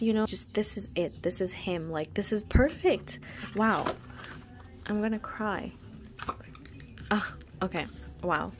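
A young woman chatting casually while unboxing albums, gushing and dramatic, full of laughs and sudden whispers. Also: mid-range voice. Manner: gushing and dramatic, lots of "like" and "wow", frequent laughs, drops to whispers. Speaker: K-pop fan vlogger.

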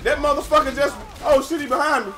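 A young man giving casual, profane gameplay commentary with a friend, excitable and breaking into sudden yells. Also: very high-pitched, fast. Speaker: gamer playing with a friend. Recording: game gunfire and explosions loud behind voice.

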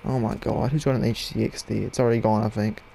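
A man giving live gameplay commentary at his computer desk at home, excitable and yelling at opponents in bursts, on a cheap mic with no windscreen. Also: on the low side, fast, creaky. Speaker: gaming channel host. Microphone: cheap headset mic without windscreen.

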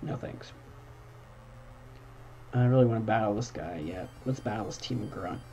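A man's voice: fairly low pitch, normal speed, a little mellow, faint music behind. A young man casually commentating his own gameplay at home, talking back at the game and bursting into exclamations. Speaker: gaming channel host. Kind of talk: casual let's-play commentary. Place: home room at night.

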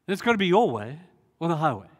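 A man's voice: on the high side, sing-song, quick pace, husky. A man preaching a sermon as pastor, telling the story dramatically and acting out the voices in it. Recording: long hall reverb.

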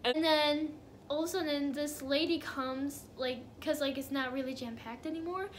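A woman's voice: high voice, moderate pace, slight background noise. A young woman telling a casual storytime on her vlog, chatty and giggly with lots of fillers. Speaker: vlogger.

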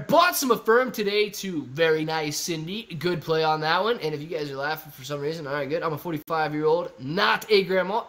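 A man's voice: high voice, fairly bright tone. A man hosting a casual live stream, reading viewer comments and bantering playfully with them. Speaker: livestream host reading chat.

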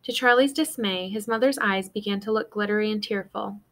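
A woman reads a children's novel aloud for her students at a steady middle pitch. She lifts her voice for the characters and drops low for the narration. The delivery is clear and expressive. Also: a little fast. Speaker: teacher reading aloud. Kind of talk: storybook read-aloud.

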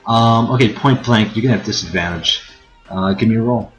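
A man narrating as game master, thinking aloud with many fillers and pauses. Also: on the low side, lo-fi sound, soft background music.

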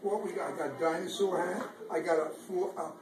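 A man's voice: high-pitched, steady tone, brisk, darkish tone. Man reading to preschool kids, encouraging, asks them questions, distant mic, roomy classroom, noisy. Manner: encouraging, quizzes the children. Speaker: storyteller reading to children. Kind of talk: reading a picture book aloud to small children.

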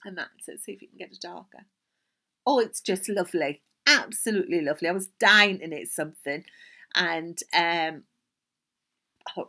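An older woman speaks with a Geordie accent and a bright, forward tone, chatting her way through a knitting podcast. She rambles off on tangents and often slips into quiet, murmured asides. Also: on the low side, moderate pace, long pauses. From North East England. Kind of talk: casual chat.

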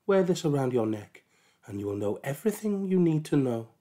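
A man voicing a cruel, beguiling young enchantress in a storybook reading, pitched up and coaxing. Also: big pitch swings, brisk, dark tone.

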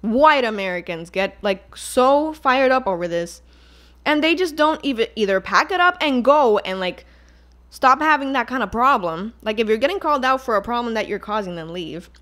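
A young Puerto Rican woman with a Puerto Rican accent and a voice that sits a little high. She hosts her solo podcast in an exasperated, fired-up tone. She swears freely and slips Spanish into her English. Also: expressive, moderate pace, a bit bright. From Puerto Rico. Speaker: podcast host. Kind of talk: casual solo podcast rant.

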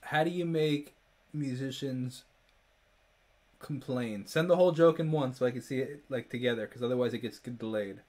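A man's voice: medium pitch, moderate pace, darkish tone. Man on a livestream, laughing at viewer jokes. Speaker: livestream host. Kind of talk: casual livestream chat.

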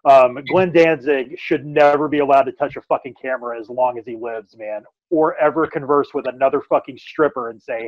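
A man's voice: medium pitch, animated, brisk, few pauses, no echo, lo-fi sound. Ranting, foul-mouthed podcast man. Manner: emphatic, ranting, heavy swearing. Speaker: podcast co-host. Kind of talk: casual profane podcast chat.

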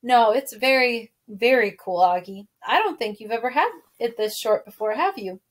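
A tender, joking father talks softly to his son, as a woman reading aloud voices him. He is playful and affectionate, with a gentle storybook lilt. He never raises his voice for long. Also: fairly high pitch, lively intonation, moderate pace. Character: warm, joking father of a young boy.

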